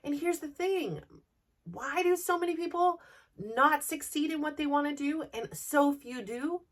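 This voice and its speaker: Woman with a high voice giving an earnest motivational talk, sounds a bit far off the mic. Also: expressive, measured pace. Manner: earnest, open and personal, speaking directly to listeners. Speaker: podcast host. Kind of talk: candid motivational monologue.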